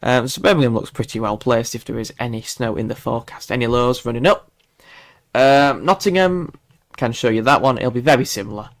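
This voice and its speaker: A man's voice: mid-range voice, fairly quick, dry recording. A man with a mild Yorkshire accent hosting a live weather forecast stream, rambling and chatty with lots of fillers and restarts. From Yorkshire, England. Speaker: weather channel host.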